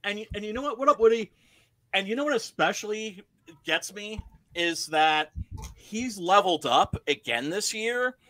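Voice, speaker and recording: Excitable high-voiced man, bright tone. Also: moderate pace, dry recording. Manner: excitable, swears a lot, repeats words. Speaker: podcast co-host. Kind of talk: casual chat.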